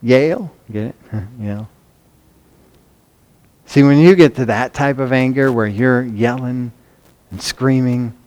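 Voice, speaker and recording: A man's voice: medium pitch, a little mellow. A man preaching a sermon, emphatic and earnest, often repeating words as he drives points home. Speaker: pastor.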